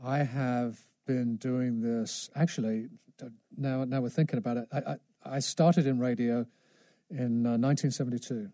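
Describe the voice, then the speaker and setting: A man who is a radio host, talking in an easygoing, halting, reflective way. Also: medium pitch, fairly even intonation, dark tone, no echo. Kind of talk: casual radio conversation.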